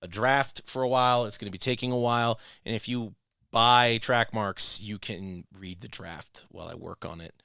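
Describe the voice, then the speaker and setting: A man chatting on a podcast with a bright, clear voice. He talks loosely and crudely, cracking jokes among friends. The sound is dry and close. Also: fairly low pitch, no room sound. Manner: crude, joking, fast-spoken plugs. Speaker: podcast host. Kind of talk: casual chat.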